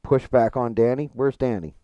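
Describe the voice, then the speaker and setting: A man's voice: medium pitch, moderate pace, warm tone, no echo, highs cut off. A man chatting casually with his stream chat while gaming, frank and profane, rambling and restarting his thoughts.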